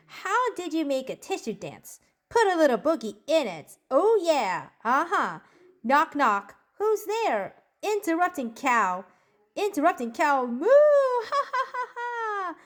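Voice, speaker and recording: A woman voicing a cheerful, bookish preteen girl in a journal-style character monologue, bubbly and giggly as she tells jokes. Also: high-pitched. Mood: cheerful joking. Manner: bubbly, giggly joke-telling.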